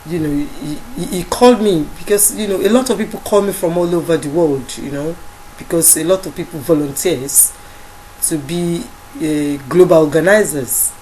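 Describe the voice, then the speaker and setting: A woman with a Nigerian accent recounting a story in casual speech, halting often with fillers and restarts. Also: sits low, mellow, a little hiss or hum, rough recording. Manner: halting, many fillers and restarts, quotes others in dialogue. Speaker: activist recounting events.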